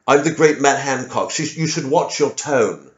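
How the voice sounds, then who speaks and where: A man's voice: medium pitch, normal speed, dull audio, lightly acted. A man mocking a smug, pompous politician. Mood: haughty. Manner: haughty, self-important.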